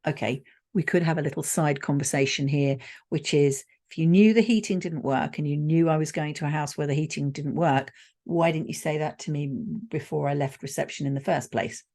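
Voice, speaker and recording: A woman's voice: sits low, fairly even intonation, brisk, mellow. A woman hosting a solo podcast, telling a personal travel story in a conversational way with wry asides. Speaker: podcast host.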